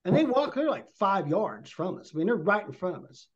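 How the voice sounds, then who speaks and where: A man's voice: sits high, sing-song, brisk. Man, podcast guest, rambling storyteller, dull lo-fi audio. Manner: rambling hunting tale told with vivid detail. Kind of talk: casual storytelling.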